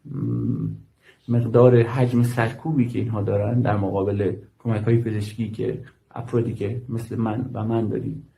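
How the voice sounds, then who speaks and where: A man who works with an aid group gives formal testimony in an interview, with frequent pauses and fillers. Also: fairly low pitch, little pitch movement, vocal fry, warm tone. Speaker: guest, aid worker.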